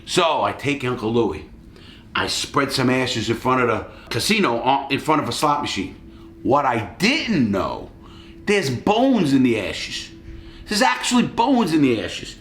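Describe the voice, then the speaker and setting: Middle-aged man, profane rambling storyteller; roomy room sound, mid-pitched. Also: very animated, a little slow, fairly bright tone, slight background noise. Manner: rambling, swears freely. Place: hotel suite.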